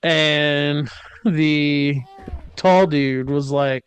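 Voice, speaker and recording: A man's voice: fairly high pitch, little pitch movement, extremely slow, clear, resonant tone, no room sound. A man co-hosting a podcast, casually recapping an episode and jokingly mimicking the characters. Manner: jokey, mimics characters in quotes. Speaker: podcast co-host.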